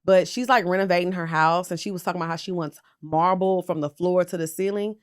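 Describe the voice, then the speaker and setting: A woman's voice: on the low side, steady tone, a little fast, clear, resonant tone. A tipsy woman hosting a casual pop culture gossip show, talking bluntly and sassily to her viewers and swearing freely. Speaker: pop culture commentary host.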